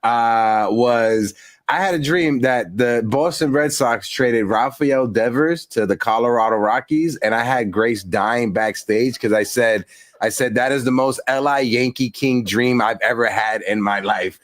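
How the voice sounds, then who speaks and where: A man's voice: medium pitch, unhurried. A man hosting a casual sports talk show, laid-back and swearing now and then, speaking into a headset. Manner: laid-back, swears, greets chat viewers. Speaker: host. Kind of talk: casual chat. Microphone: headset with soundboard.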